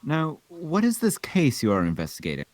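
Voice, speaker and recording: A man's voice: fairly high pitch, huge pitch swings, moderate pace, no echo. A man reading the part of a prim, gossipy older woman clerk in a table read.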